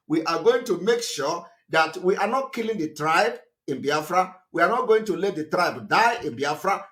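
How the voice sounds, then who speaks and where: A man giving a live political broadcast, emphatic and repetitive, firing rhetorical questions at his listeners. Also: pushed and bright. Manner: fillers and restarts, pitch swings up and down.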